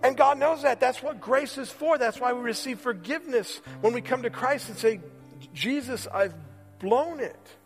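Male pastor, high voice, emphatic repeats, faint music under the sermon. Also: big-room sound. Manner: conversational, repeats phrases for emphasis, slows on key words. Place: church sanctuary.

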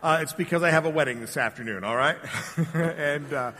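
A male pastor giving a relaxed, joking sermon full of personal stories, talking straight to the congregation. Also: a little high, fairly quick, a little hiss or hum. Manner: casual, joking, addresses the congregation directly. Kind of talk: conversational sermon with storytelling. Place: church sanctuary. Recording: long church reverb.

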